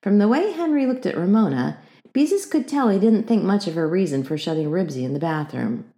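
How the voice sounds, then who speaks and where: A woman narrating a children's book aloud with expressive storytelling. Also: medium pitch, brisk. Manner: expressive storytelling with acted character voices.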